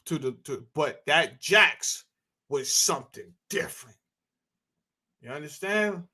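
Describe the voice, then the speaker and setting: A man in his thirties talks at an unhurried pace in a bright, slightly high voice that swings widely in pitch. He hosts a casual chat, spinning loose stories and tossing questions back to his listeners. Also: lively intonation. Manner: loose storytelling with audience banter. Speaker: host.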